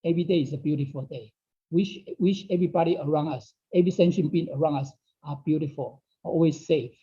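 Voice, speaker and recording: A man leads an online Dao study class, his voice high for a man but very dark and mellow in tone. His English is halting, not his first language, and he repeats phrases and keeps asking "okay?" The sound is dull and lo-fi. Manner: non-native English phrasing. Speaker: Dao teacher.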